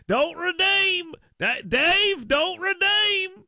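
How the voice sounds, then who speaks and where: An insistent phone scammer, put on by a man, with an Indian accent, stretching each command slowly in a high, gravelly voice. The sound is dry and close, with a bright, tense edge. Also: expressive, no echo, full character voice. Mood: scolding. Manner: slow, drawn-out scolding commands. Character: insistent male phone scam caller.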